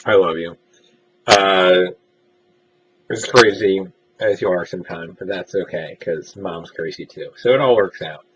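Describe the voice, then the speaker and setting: A man's voice: sits low, unhurried, fairly bright tone, lo-fi sound, slight background noise. A young man casually telling personal stories as a vlogger, rambling and self-deprecating with lots of filler uhs. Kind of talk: casual storytelling monologue.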